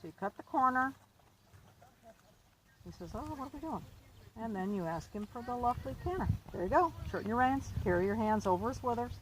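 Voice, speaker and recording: Calm encouraging woman coaching outdoors. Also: a little high, fairly quick, a little hiss or hum. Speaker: riding instructor. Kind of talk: outdoor riding lesson coaching. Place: outdoor riding arena.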